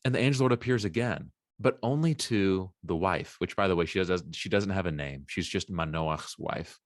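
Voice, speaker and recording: A man co-hosting a casual Bible podcast, retelling a story in a lively way and acting out the quotes. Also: low-pitched, normal speed, no echo, clean studio sound. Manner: animated retelling with acted-out quotes. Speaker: podcast co-host.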